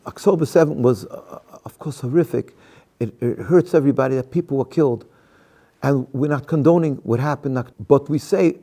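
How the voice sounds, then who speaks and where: A man with a gravelly, dark voice argues emphatically in an interview. He, restarts his sentences often and keeps asking rhetorical questions. His pitch sits a bit above the usual for a man. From United States. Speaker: interviewee, activist. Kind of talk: impassioned interview answers.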